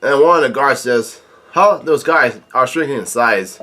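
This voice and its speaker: Halting man reading a comic aloud. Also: mid-range voice, expressive, sharp tone. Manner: halting, frequent restarts and fillers. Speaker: reaction video host.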